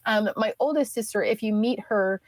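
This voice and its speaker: A woman's voice: medium pitch, moderate pace, no echo. A woman in her thirties, a podcast guest telling a personal story in a chatty way, full of fillers and restarts.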